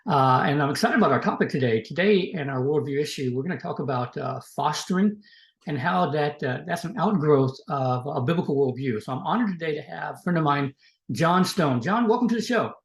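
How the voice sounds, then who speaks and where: A man hosting a podcast talks quickly and keeps things friendly, filling gaps with small pauses. His voice sits a bit high, and the room around him rings with a noticeable echo. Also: animated, creaky. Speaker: podcast host. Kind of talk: casual interview hosting. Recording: echoey room.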